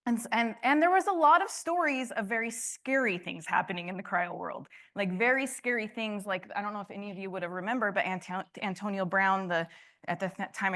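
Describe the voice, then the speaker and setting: A woman's voice: mid-range voice, a bit bright. A woman giving a conference talk to a room, passionate, often restarting and asking the audience questions. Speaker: conference speaker.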